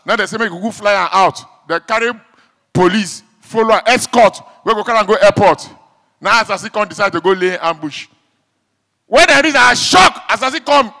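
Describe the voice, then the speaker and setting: A male stand-up comedian with a Nigerian Pidgin accent, telling stories in an animated way, shouting sound effects and acting out the people in them. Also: high-pitched, long reverb tail.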